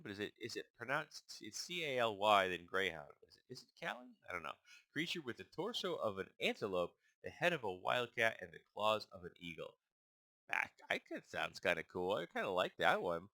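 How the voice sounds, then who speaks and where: Deep, bright-toned man musing aloud. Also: no room sound. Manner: thinks aloud, halting over unfamiliar names. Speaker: channel host. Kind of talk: casual musing while reading a list aloud.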